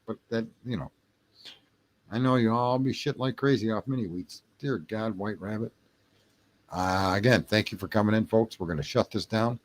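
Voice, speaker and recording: A man's voice: lowish voice, moderate pace. A man hosting a late-night livestream, chatting casually and profanely with his viewers. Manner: rambling, profane, jokey banter with chat. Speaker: livestream host reading chat.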